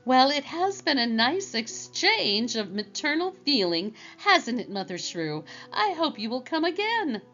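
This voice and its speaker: Woman doing a chatty queen bee, gracious and sing-song, high and bouncy, lo-fi with a bit of music. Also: very animated, a little slow, hardly any pauses, bright, forceful tone, exaggerated voice. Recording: dull lo-fi with faint music.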